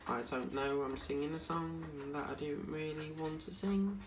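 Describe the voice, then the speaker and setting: A man chats casually while crafting, vlogging his diamond painting in a rambling, chatty way and humming and singing snippets. His voice is fairly high-pitched, with a moderate pace and few pauses, recorded in an echoey room with faint noise.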